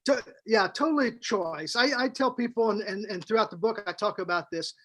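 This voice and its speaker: A man with a high voice tells a story in a loose, chatty podcast style. He circles back on his words, stacks up fillers and gets animated at the good parts. He sounds like an author talking through his own book with a friend. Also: a little fast. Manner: animated, rambling storyteller who repeats words. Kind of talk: casual storytelling chat.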